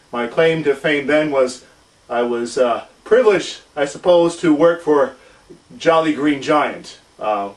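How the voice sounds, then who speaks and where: A man in his forties with a Minnesotan accent, a pastor introducing himself in an earnest, measured way with frequent restarts. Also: on the high side, far from the mic, low-quality recording. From southern Minnesota. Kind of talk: introductory church video.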